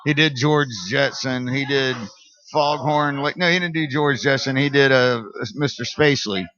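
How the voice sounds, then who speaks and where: A man's voice: mid-range voice, steady tone, normal speed, bright, forceful tone, dull audio. A man co-hosting a casual podcast, telling stories in a rambling, laid-back way. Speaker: podcast co-host. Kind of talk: casual chat.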